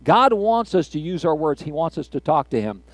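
Older man, grandfatherly preacher, slightly high voice, dry close sound, chatty sermon with restarts. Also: sing-song, dry recording. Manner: conversational, folksy, with halting restarts.

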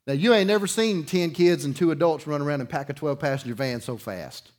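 A middle-aged man, preaching a sermon through a folksy personal story, swinging between loud bursts and quiet emphasis. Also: on the high side, fairly quick. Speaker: pastor.

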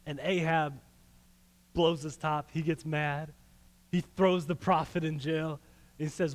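A man preaching a sermon, retelling a story in an animated, folksy way. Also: on the high side, measured pace, pauses often, in a large hall.

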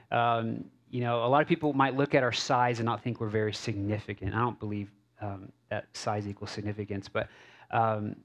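A male pastor giving a conversational sermon in a small church, casual and halting with many fillers and restarts. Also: mid-range voice.

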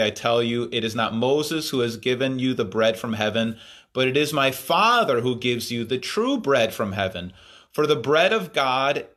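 A man preaching a sermon in a voice of ordinary middle pitch. He reads scripture aloud, then pauses to explain it in a thoughtful, searching way. His talk is full of ums and self-corrections. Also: a bit bright. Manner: thoughtful, many fillers and restarts.

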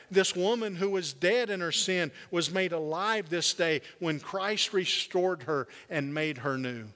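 Man preaching in a reverberant hall. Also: fairly bright tone. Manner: earnest preaching, slowing and dropping low on key words. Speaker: pastor. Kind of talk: sermon.

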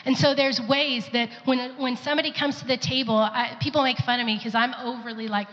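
In a large hall, a woman who is the pastor's wife delivers an earnest sermon testimony, occasionally acting out quoted voices. She speaks in a high, steady, slightly bright voice at a somewhat fast pace, and the audio is dull.

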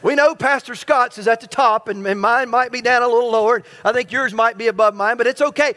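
High-voiced male pastor preaching a sermon. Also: a little fast, few pauses, pushed and bright. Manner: stirring preacher who addresses the congregation directly; repeats and restarts phrases.

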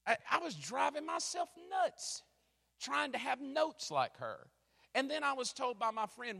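A middle-aged man preaching a sermon as a pastor, animated and self-mocking as he tells stories, in a church. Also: high-pitched, moderate pace, gravelly, in a large hall.

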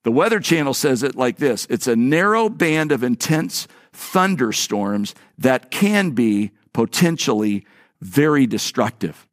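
A man's voice: medium pitch, big pitch swings, unhurried, dry recording. A male pastor delivers a sermon in a mid-range voice recorded close and dry. He tells stories and slips into the voices of the people he quotes. Now and then he repeats a word as he restarts a phrase. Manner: storytelling, acting out quoted voices.

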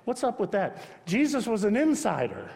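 A man preaching a sermon as pastor, emphatic, swinging between loud urging and soft hushed repetition. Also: high-pitched, huge pitch swings, normal speed. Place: church sanctuary. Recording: long hall reverb.

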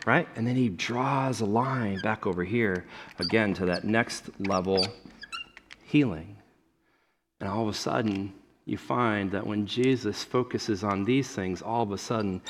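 A young adult man preaching a sermon on stage, telling stories with loud bursts and quiet asides. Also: lowish voice, unhurried, slight background noise. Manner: animated storytelling, swinging between loud bursts and quiet asides. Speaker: pastor.

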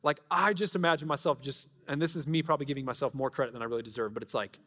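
A man preaching a conversational sermon, asking his listeners rhetorical questions and moving between lively storytelling and quiet scripture reading. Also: mid-range voice, racing, hardly any pauses, slightly rough, long reverb tail. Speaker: pastor.

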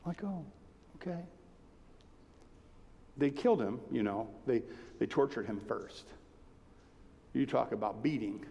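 A man preaching a sermon in a conversational, emphatic way, sometimes dropping to a hushed tone. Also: medium pitch, moderate pace, vocal fry, long pauses, lo-fi sound, a little hiss or hum. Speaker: pastor. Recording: long hall reverb.

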